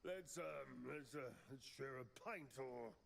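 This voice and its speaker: A man's voice: medium pitch, unhurried, gravelly, a little hiss or hum. An actor playing a tipsy, friendly tavern drinker in a video game, slurring and hesitating as he invites someone to share a pint. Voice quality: slurred, hesitant drunk manner.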